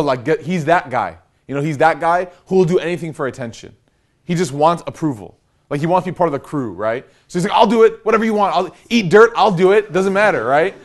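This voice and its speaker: Brief: young male preacher, quick, animated, slangy storytelling. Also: fairly high pitch. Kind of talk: casual storytelling lecture.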